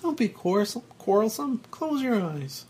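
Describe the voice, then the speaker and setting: A man voicing a sweet female fairy spirit in a high sing-song falsetto with a delicate British accent. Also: sing-song, moderate pace, slightly rough, exaggerated voice. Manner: sugary and serene, scolding gently. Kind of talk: script reading.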